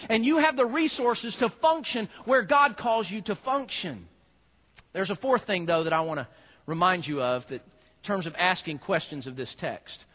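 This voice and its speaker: A man, preaching a sermon in an animated storytelling way that swings from loud preaching to quiet asides. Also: high-pitched, normal speed. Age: 30s. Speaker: pastor.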